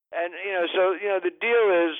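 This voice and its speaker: Older man, comedian, rambling story, self-interrupting, exasperated asides, slightly high voice, tinny phone line. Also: fairly even intonation, normal speed, no echo. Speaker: comedian, guest.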